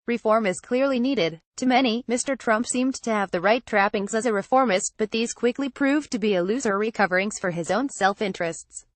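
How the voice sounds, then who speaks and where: A woman reading an opinion article aloud as scripted narration, at a measured, even pace. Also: on the high side, no room sound.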